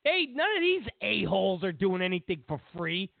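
A man's voice: high-pitched, big pitch swings, moderate pace, gravelly, no room sound. Sarcastic ranting man on a tinny line. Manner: sarcastic, mocking, repetitive jabs. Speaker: political commentary host. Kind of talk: ranting political commentary. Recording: tinny phone-like line, dry.

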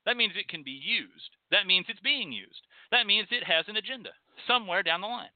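A high-pitched man holds forth in a lively, swooping voice, swearing freely and hammering points home by repeating himself. His sound is tinny and phone-like, with no room around it at all. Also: a little fast, no echo. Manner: emphatic, profane, repeats phrases for stress. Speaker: host. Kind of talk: ranting monologue lecture.

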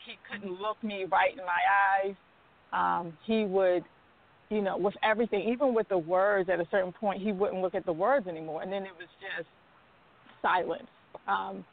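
Woman caller, gravelly voice, hesitant and slow, tinny phone audio. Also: medium pitch. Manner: slow, hesitant, many filler sounds. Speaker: caller on a prayer line. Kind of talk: sharing her story on a phone prayer line.

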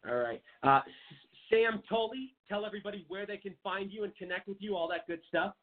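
Brisk, high-voiced male host, blunt and indignant, lo-fi line. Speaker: talk show host. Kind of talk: political talk show. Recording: tinny phone line.

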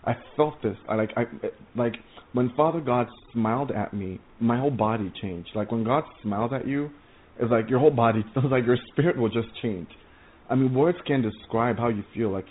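Man, preacher, earnest and halting, repeats words, thin phone-like sound. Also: mid-range voice, a little hiss or hum. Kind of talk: testimony sermon. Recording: tinny phone-like audio.

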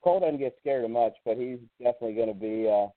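A man's voice: medium pitch, fast talker. A man as a guest in a casual chat, easygoing and telling stories with small restarts. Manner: easygoing, storytelling, hesitant restarts. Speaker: guest, fitness pro. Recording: phone-line quality, dry.

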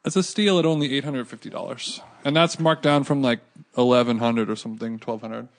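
A man hosting a relaxed podcast conversation, his voice sitting at an ordinary middle pitch. He jokes and teases his co-hosts as he walks through gift picks. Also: a little fast. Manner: joking, teasing banter. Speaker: podcast host. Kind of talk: casual chat.

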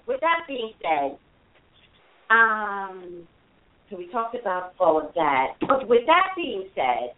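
A woman's voice: mid-range voice, takes it slowly. A woman giving a psychic reading to a caller, talking emphatically and casually, with the odd curse. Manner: emphatic, animated, swears casually. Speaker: psychic reader. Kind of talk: live call-in reading. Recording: phone-quality audio.

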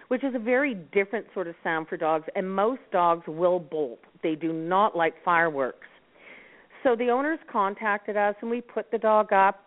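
A woman from Nova Scotia who founded a dog rescue network, calmly giving advice as a guest on a radio talk show. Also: mid-range voice. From Nova Scotia, Canada. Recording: tinny phone line.

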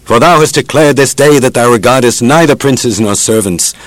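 A man's voice: medium pitch, moderate pace, fairly bright tone, no room sound, pitched above the performer's own voice, close to an everyday voice, poor audio. A man voicing a stern male army commander who rebukes his king, read in a solemn scriptural style. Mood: rebuking.

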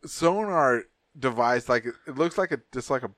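Speaking at medium pitch and an even, moderate pace with no echo, a male podcast co-host narrates a story full of swearing. He acts out each person's voice with lively energy.

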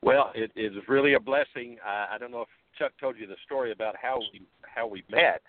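A man, a pastor, calling into a radio show and talking in an earnest, measured way over a faint phone line. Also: medium pitch, no room sound. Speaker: pastor and caller.

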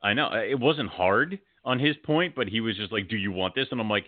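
A man co-hosting a podcast in casual chat, laid-back with frequent chuckles and quick asides. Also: fairly low pitch, dry recording. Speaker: podcast co-host. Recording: tinny phone-like sound, dry.

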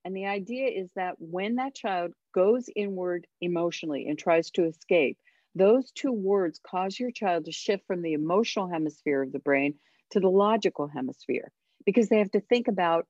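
A woman parenting coach and author, a radio interview guest, speaking emphatically and giving tips with dramatic pauses. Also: lowish voice, a little mellow, dry recording, dull audio.

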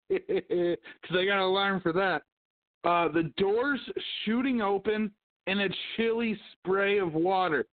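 A man hosting a casual podcast, rambling and swearing constantly as he tells stories. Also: high-pitched. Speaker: podcast host. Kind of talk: casual profane chat. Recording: tinny phone-like audio.

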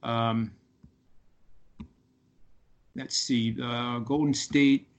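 Speaking at a medium pitch in a steady tone, a man joins a radio podcast as a guest sports betting analyst. The talk is casual, and he keeps pausing on fillers and starting his sentences over.

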